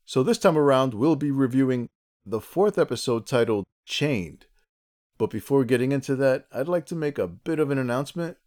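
A man's voice: medium pitch, animated, normal speed, a little mellow. A man co-hosting a casual podcast, chatty and jokey, often restarting his sentences. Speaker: podcast co-host.

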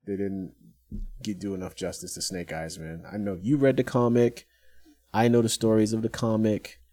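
A middle-aged man co-hosting a casual chat, animated and laughing often. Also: fairly low pitch, moderate pace. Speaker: podcast co-host.

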